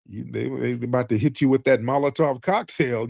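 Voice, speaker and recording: A man hosts a call-in talk show in a loose, conversational commentary style. His voice sits at an ordinary middle pitch and sounds dry and close, with no room around it. He speaks emphatically and often pushes higher when he gets worked up. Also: normal speed, creaky, few pauses, no room sound. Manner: emphatic, animated, rising in pitch when indignant. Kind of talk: casual livestream commentary.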